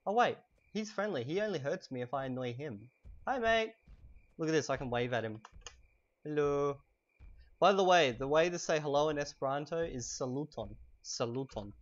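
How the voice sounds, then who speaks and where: A man teaching vocabulary in a casual, chatty way while playing a game at home, repeating each word slowly for learners, a little hoarse from a cold. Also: mid-range voice, highs cut off. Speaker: language teacher. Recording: steady background noise.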